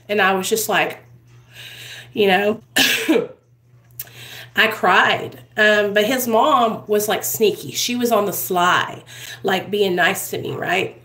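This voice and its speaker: A woman's voice: mid-range voice, takes it slowly, pauses often, fairly bright tone, reverberant, low-quality recording. A woman vlogger telling a rambling, chatty story straight to camera, often addressing viewers as "you guys". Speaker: vlogger in addiction recovery. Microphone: built-in camera mic.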